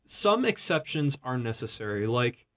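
A man's voice: medium pitch, very animated, moderate pace, a bit bright. A young man co-hosting a casual college podcast, easygoing and joking with playful asides. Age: young adult. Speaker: podcast co-host. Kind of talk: casual chat. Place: college campus.

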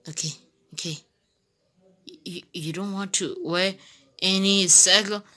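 A woman's voice: medium pitch, fairly even intonation, a little slow, long pauses, sharp tone. A woman hosting her own gaming channel, giving stammering, emotional commentary and talking to her game creature as she plays. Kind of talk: casual gameplay commentary.

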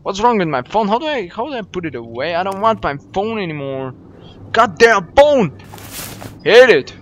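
Young man, gameplay commentary, excitable and jumpy, slightly high voice, faint background hiss. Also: fast talker. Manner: excitable, jumpy, swears when startled. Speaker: gaming YouTuber. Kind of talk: first-play horror game commentary.

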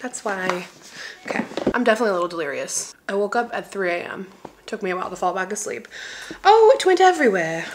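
A woman's voice: medium pitch, big pitch swings, fast talker. A young woman chatting casually to her vlog audience at home, bubbly and chatty, laughing often. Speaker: lifestyle vlogger. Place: home, indoors. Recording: echoey room.

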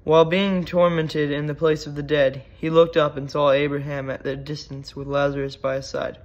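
A man leading worship, reading scripture and liturgy in a measured, solemn way. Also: a little high, level tone. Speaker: worship leader. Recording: dull lo-fi recording.

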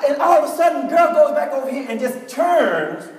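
A middle-aged man preaching a sermon with storytelling, animated and acting out conversations. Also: very high-pitched, moderate pace. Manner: animated preacher, acts out students in dialogue. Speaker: pastor. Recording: echoey hall from far off.

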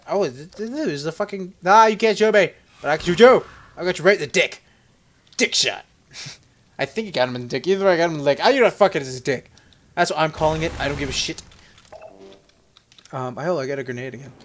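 Jokey, lively young man gaming. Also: a little hiss or hum. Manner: jokey and profane, laughing often, yelping in high squeaks when startled. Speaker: let's play gamer. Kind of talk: casual gameplay commentary.

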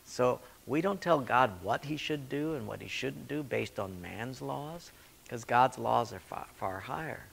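Man, pastor, gravelly voice, preaching style, dramatic swings between soft and loud. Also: lively intonation, a little slow. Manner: storytelling, acts out quotes with big swings in pitch and volume. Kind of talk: sermon-style Q&A teaching.

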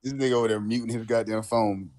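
A man's voice: fairly low pitch, fairly even intonation, quick pace, warm tone. A young man co-hosting a podcast, chatting casually and teasing his friends with dry remarks. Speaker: podcast co-host. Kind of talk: casual chat.

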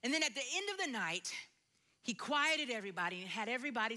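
A woman, telling her own story in a church sermon and dropping to a soft hush at quiet moments. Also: fairly high pitch, lively intonation, fast. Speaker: preacher sharing testimony. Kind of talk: sermon testimony. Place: church sanctuary.

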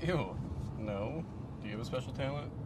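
A man's voice: mid-range voice, lively intonation, a little slow. A man chatting casually on a livestream from a car, bickering in a dry, laid-back way. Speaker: co-host on a stream. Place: inside a moving car. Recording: loud road noise in a car.

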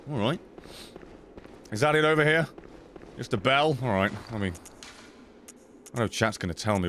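Animated swearing young male streamer. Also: medium pitch, a little hiss or hum. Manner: swears constantly, erupts into loud shouts; thanks chat donors between fights. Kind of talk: live gameplay commentary.

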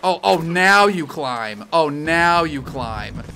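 A young man commenting as he plays a video game, jokey and animated, yelping and apologizing loudly as things go wrong. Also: fairly high pitch, slow pace. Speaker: streamer playing a video game. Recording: faint game music behind.

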